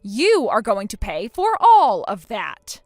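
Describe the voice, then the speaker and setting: A woman's voice: on the high side, sing-song, normal speed, fairly bright tone, dry recording, studio quality, faint music behind. A woman voicing a furious, injured young bride who speaks in a cold, scornful and firm way. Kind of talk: text-message story voice acting.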